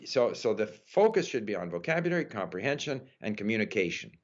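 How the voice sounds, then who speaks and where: A man giving thoughtful, conversational answers as an interview guest, pausing often with "uh" and "you know.". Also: lowish voice, big pitch swings. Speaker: interview guest, language learner. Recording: dull lo-fi audio.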